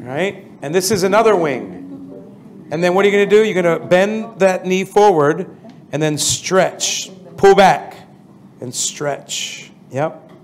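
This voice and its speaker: A man leading a prayer seminar as pastor, energetic and constantly asking the audience questions, with an American accent. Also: sits high, normal speed, slight background noise. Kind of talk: interactive seminar teaching.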